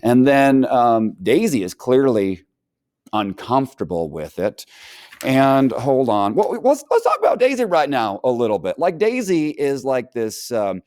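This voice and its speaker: A man teaching a casual book review lesson, animated and acting out characters' lines. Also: medium pitch, a little slow, no echo, studio quality.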